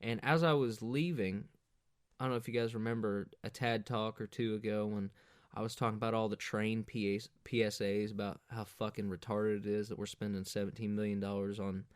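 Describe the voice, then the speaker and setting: A man hosting a podcast, telling a profane, rambling party story in a casual monologue, jumping up in pitch when he quotes people. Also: brisk, clear, resonant tone, no echo, studio quality. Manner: crude, profane, rambling anecdotes with animated quoted voices. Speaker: podcast host.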